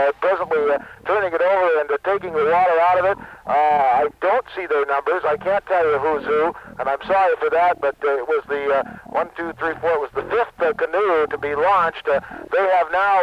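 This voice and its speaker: A man reports a canoe race live from the water, rambling and full of fillers. His voice comes through a muffled, dull radio link with faint noise behind. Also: on the high side.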